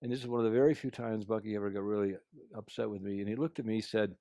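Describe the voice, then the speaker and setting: A man's voice: on the low side, fairly even intonation, very fast, dry recording, clean studio sound. A man giving an earnest, anecdotal talk about negotiation, telling a personal story to make his point. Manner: earnest storyteller, drops to a quiet voice for quotes. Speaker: speaker sharing life lessons.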